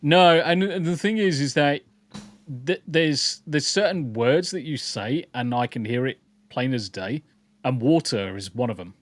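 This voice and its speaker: Man, English, mixed regional accent with southern tinge, podcast co-host, rambling jokey chat, mid pitch, dry close sound. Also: measured pace, no room sound. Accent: mixed English, partly southern. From English Midlands. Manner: rambling, jokey, repeats words. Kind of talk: casual chat reading live comments.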